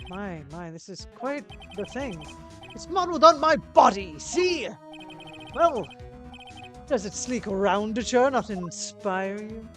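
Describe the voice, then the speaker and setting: A woman's voice: medium pitch, lively intonation, slow pace, fairly bright tone, faint music behind, pitched above the performer's own voice. A woman putting on a pompous British company boss. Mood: haughty. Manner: grandiose, showy, affected word choice.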